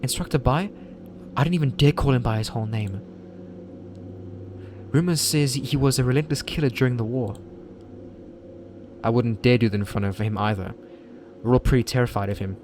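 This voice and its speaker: A man voicing a shy, nervous teenage schoolboy in a horror game, speaking hesitantly with stammers in a plain, middle-pitched voice. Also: normal speed, pauses often, darkish tone, slight background noise, lightly acted. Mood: uneasy. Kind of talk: reading game dialogue aloud.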